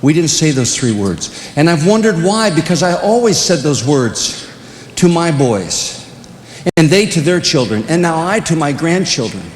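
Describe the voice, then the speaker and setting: An older man telling comic stories to young people, swinging between loud punchlines and hushed, earnest moments. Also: sing-song, moderate pace. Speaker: speaker at a youth conference. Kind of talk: comedic storytelling. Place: large hall. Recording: echoey hall with faint rumble.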